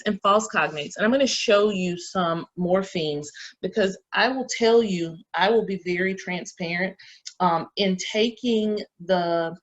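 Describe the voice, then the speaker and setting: A woman professor teaching future teachers, her voice at an ordinary middle pitch. She poses quick questions and then answers them herself. The recording sounds dull and lo-fi. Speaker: education professor. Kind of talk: lecture to teacher candidates.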